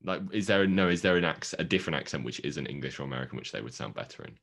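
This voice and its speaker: A man co-hosting a podcast in casual chat, with a bass voice, teasing and laughing often. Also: expressive, racing, vocal fry, a bit bright. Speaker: podcast co-host.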